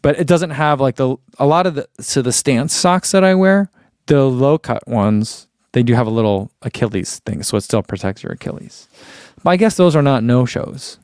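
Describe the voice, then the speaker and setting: A man's voice: medium pitch, lively intonation, moderate pace, a little mellow, smooth, no room sound, studio quality. A man reviewing running gear in a casual live chat, musing aloud with fillers and reading out viewer comments.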